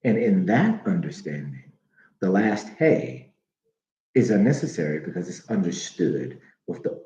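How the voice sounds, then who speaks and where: A man giving a slow teaching monologue, repeating names aloud with many fillers. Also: on the low side, dark tone. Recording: dull echoey room recording.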